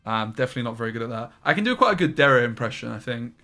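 Young male streamer, bright voice, chatty and profane, casual play-by-play. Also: mid-range voice, very animated, rapid-fire, faint music behind. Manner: chatty, swears, chats with viewers. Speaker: card game streamer. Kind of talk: casual gameplay commentary.

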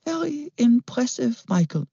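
A man voicing a mysterious, persuasive businessman who talks calmly and smoothly. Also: very high voice, measured pace, dry recording, pitched above the performer's own voice, full character voice. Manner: calm, smooth, bargaining. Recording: dull lo-fi recording.

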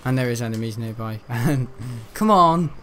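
A man's voice: mid-range voice, expressive, moderate pace, fairly bright tone, slight background noise. A young man, rambling and joking casually while playing a video game. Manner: rambling, chatty and jokey, laughs at own jokes. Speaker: gaming channel host. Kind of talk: casual let's-play commentary.

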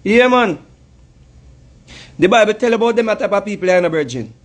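A man's voice: sits high, lively intonation, moderate pace. A man with a Jamaican accent giving a heated, mocking commentary rant. He laughs often as he talks. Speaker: commentary host.

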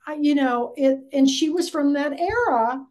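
Chatty woman in her sixties, high, mellow voice. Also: normal speed, muffled recording. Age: 60s. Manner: chatty and enthusiastic. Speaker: book club host. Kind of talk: casual video call chat. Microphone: video call.

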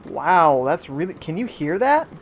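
A man's voice: on the high side, sing-song, a little slow, slight background noise. A man giving live commentary on a video game, joking and reading viewer chat aloud from home. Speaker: gaming streamer. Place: at home during a rainstorm.

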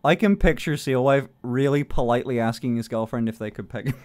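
Speaking fairly quickly in a medium-pitched voice with a darkish tone, a young man livestreams and chats casually with viewers, reading out chat messages. He jokes, swears, and laughs frequently.

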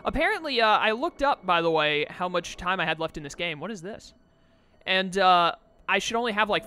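A young man casually commenting on a video game as he plays, often exasperated and talking back to the game. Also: sits high. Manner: exasperated, chatty, talks to the game. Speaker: let's play host.

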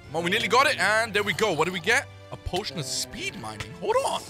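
A young man giving excited gameplay commentary, hyped and yelling complaints at the game. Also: high-pitched, brisk, hardly any pauses, over music. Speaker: gaming YouTuber.

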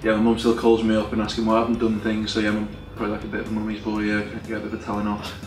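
Young male athlete, easygoing and halting, distant in a roomy space with faint music. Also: fairly low pitch, completely flat delivery. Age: young adult. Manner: hesitant, lots of ums, easygoing. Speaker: rugby player guest. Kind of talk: casual interview chat. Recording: echoey room, distant mic, music behind.

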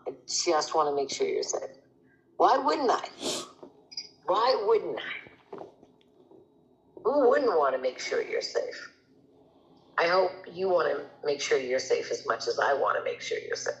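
A middle-aged woman therapist speaking over a phone line, soothing and gently persistent. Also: low voice, lively intonation, a little slow, long pauses, a little hiss or hum. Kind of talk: phone counselling.

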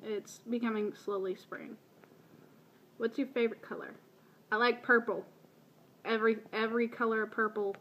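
The young Baltimore vlogger speaks at normal speed in a high voice with little pitch movement, leaving long pauses. She's in her early twenties and answers questions casually by voice meme, with self-deprecating asides and a light, drifting local accent. The recording is muffled.

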